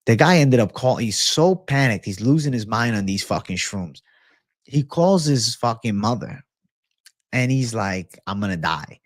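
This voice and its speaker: A man hosting a casual livestream and chatting with viewers, animated and profane. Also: mid-range voice, unhurried, no echo, studio quality. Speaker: livestream host.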